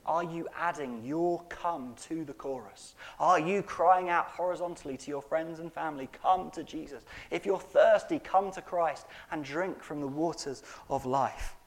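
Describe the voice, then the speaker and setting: A man preaches from the pulpit with a voice pitched a little high. He leans hard on key words, swings from near-shouts to quiet lines and keeps pressing the congregation with questions. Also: normal speed, few pauses. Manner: emphatic, wide swings between loud and soft; asks the congregation rhetorical questions. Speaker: pastor. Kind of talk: sermon.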